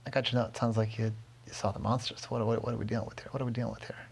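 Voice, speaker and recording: A man's voice: fairly low pitch, little pitch movement, rapid-fire, vocal fry, a little mellow, a little hiss or hum. A man voicing a friendly homeowner in a bedtime story, chatty and repeating himself. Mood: hospitable. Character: friendly grown man, homeowner hosting a guest.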